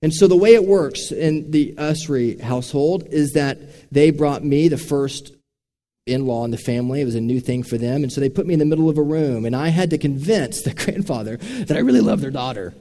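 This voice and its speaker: A man's voice: a little high, a little fast, dark tone. Earnest male preacher, echoing hall. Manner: storytelling preacher, earnest and direct. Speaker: pastor. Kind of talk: sermon. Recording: long reverb of a large hall.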